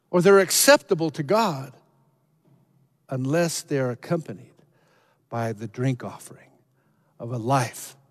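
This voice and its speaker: Earnest in his sermon, a male pastor swings from emphatic highs down to low passages, frequently restarting by repeating words.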